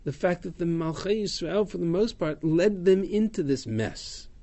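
A man's voice: high voice, moderate pace, warm tone. A male teacher giving a text-study class to students, reading verses aloud, translating them and explaining them. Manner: fields student questions casually.

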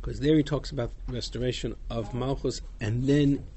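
There's slight background noise as a male teacher with a dark, medium-pitched voice speaks at normal speed with fairly even intonation. He reads verses to his class, translates and explains them, and takes students' questions casually.

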